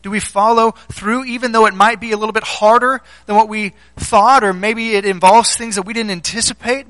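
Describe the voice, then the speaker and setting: A man's voice: high-pitched, pushed and bright, dry recording, low-quality recording. A man preaching a sermon in a conversational, storytelling manner, full of rhetorical questions. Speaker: pastor.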